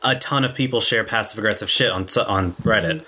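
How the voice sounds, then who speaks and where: Low, bright-toned man explaining facts. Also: brisk. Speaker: podcast co-host. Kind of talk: casual chat.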